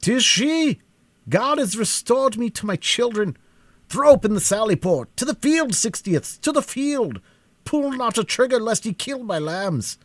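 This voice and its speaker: A man voicing an aged, grieving Scottish army commander who shouts his orders with anguish, in a Scottish accent, in a storybook reading. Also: sits high, slow, no echo, voice pushed up.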